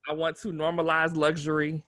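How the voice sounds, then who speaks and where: A man co-hosting a podcast in casual chat, expressive with playful asides. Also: on the high side, brisk, no echo, studio quality. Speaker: podcast co-host.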